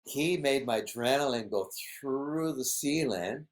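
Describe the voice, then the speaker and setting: A man, a podcast guest telling a story in a casual, animated way, laughing often and acting out what others said. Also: mid-range voice, unhurried. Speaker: podcast guest, big wave surfer.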